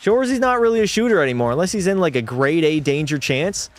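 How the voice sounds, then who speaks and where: A young man with a slightly high voice calls every play of a hockey video game in excitable broadcaster style. He swears freely and chats with his viewers as he plays. Faint music plays softly behind him. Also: fast. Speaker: gaming streamer.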